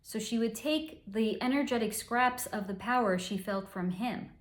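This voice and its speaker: A woman's voice: a little high, normal speed. Woman, psychic reader, candid, curses freely, echoey room. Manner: candid storytelling with frequent swearing. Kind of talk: solo spoken energy reading.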